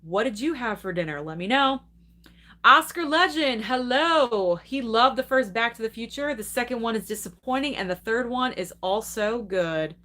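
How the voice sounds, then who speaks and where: A woman's voice: on the high side, lively intonation, normal speed, few pauses, fairly bright tone. A young adult woman hosting a live movie stream, chatting casually and enthusiastically while reading and answering viewer comments, laughing often.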